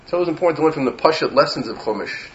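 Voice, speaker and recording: Rabbi for a short Torah talk: a man with a fairly high voice who gets impassioned and builds to emphatic peaks, on a slightly dull recording. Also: expressive, very fast, a bit bright, slight background noise. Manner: impassioned, rising to emphatic peaks, mixing Hebrew and Yiddish terms. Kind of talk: Torah lecture.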